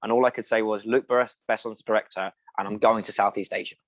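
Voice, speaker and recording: A man's voice: lowish voice, fast talker, no echo. A young man, an actor from England, chatting as a podcast guest and telling anecdotes with acted-out quotes. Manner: animated storyteller, acts out quoted voices. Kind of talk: casual interview chat.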